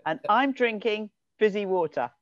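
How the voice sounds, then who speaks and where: A woman with a lively, up-and-down voice speaks over a video call. The audio sounds dry and a little dull. Her delivery is hesitant and self-correcting. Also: mid-range voice, moderate pace, no room sound. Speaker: regular panelist.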